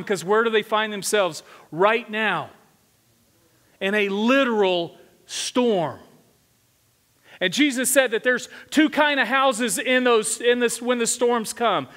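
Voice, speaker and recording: High-voiced preaching man in a reverberant hall. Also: slow pace, fairly bright tone. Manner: conversational preaching, asks the congregation questions. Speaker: senior pastor. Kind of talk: sermon. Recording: long hall reverb from a church sanctuary.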